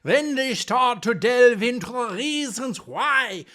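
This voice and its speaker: Enthusiastic male game-master coach, high voice, wide swoops, acts out players. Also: slow pace. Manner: animated, playfully acts out players and dabbles in accents. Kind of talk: enthusiastic advice video.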